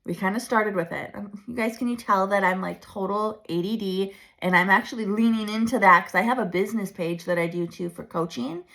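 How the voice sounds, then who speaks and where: A woman in her thirties coaching her viewers in a chatty, animated way, laughing often. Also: mid-range voice, brisk, creaky, few pauses. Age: 30s. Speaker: branding coach. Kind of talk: casual coaching talk to camera.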